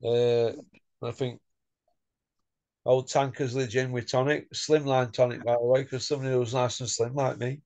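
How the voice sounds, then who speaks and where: A man's voice: medium pitch, flat delivery, normal speed, darkish tone, dry recording. A man hosting a casual chat, blunt and chatty, tagging his points with questions. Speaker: channel host.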